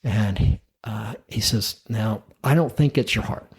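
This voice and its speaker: A man's voice: on the low side, unhurried, a little mellow, breathy edge, no echo. A middle-aged man, a podcast guest, tells his own story in casual talk, acting out the voices of the people in it and chuckling at himself.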